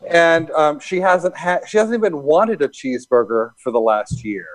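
Calm man explaining his coaching. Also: a little high, normal speed. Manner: calm, explanatory, laughs easily. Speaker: guest, hypnosis and NLP coach. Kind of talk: casual interview talk.

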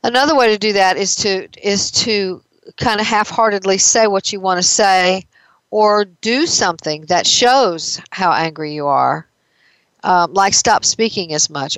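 A woman's voice: fairly low pitch, fairly bright tone, no echo, rough recording. Woman, therapist, conversational explanatory talk, everyday examples, dry close sound.

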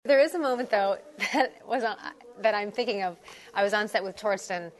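A woman's voice: medium pitch, brisk. A woman, a guest actress, reminiscing in an interview with a giggly manner.

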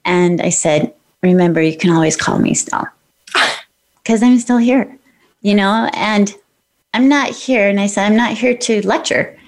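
A woman's voice: medium pitch, measured pace. A middle-aged woman hosting a radio talk show, upbeat and affirming in a spiritual, encouraging way. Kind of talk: casual interview chat.

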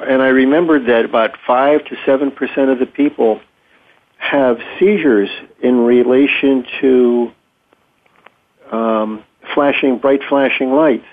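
A man speaks in a middling voice, careful and unhurried, stopping often to find his words. The sound is thin and phone-like, as if heard over a narrow line. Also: mid-range voice. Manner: thoughtful, measured, with frequent ums and pauses. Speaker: interview guest, clinician. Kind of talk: conversational explanation. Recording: tinny phone-like audio.

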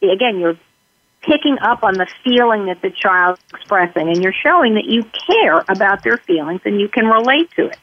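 A woman guest explaining parenting steps calmly, acting out sample lines she would say to a child. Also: mid-range voice, normal speed. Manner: calm, explains in numbered steps, acts out sample dialogue. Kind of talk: interview answers. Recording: tinny phone-line sound.

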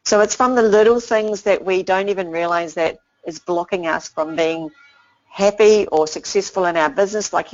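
A woman inspirational speaker giving an earnest motivational talk, repeating simple phrases, on a slightly dull lo-fi recording. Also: fairly low pitch.

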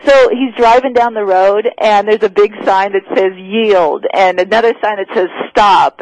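A woman's voice: mid-range voice, no room sound, low-quality recording. Enthusiastic woman co-host. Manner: enthusiastic, animated storytelling. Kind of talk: casual chat.

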